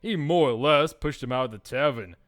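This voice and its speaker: A man's voice: medium pitch, brisk, fairly bright tone, faint music behind. A man hosting a let's play, reading a visual novel aloud with playful, jokey asides.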